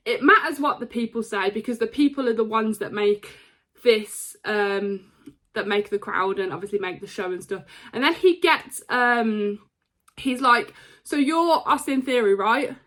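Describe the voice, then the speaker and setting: A young woman casually recapping a wrestling show, excitable, with lots of ums and quoted lines. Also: medium pitch. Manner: excitable, retells scenes with quoted lines and many fillers.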